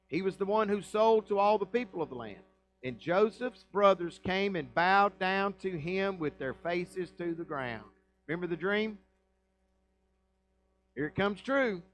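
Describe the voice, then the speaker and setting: Pastor preaching a Bible lesson. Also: male voice, sits high, fairly bright tone, poor audio. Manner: storytelling, asks the congregation questions. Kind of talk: Bible study sermon.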